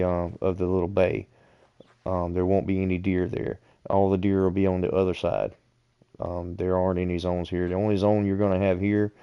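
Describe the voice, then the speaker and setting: Streamer, male, deep and mellow, calm guide to fellow players. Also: smooth, no room sound, lo-fi sound. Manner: unhurried, explains directions to other players. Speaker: gaming streamer. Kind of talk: casual gameplay chat.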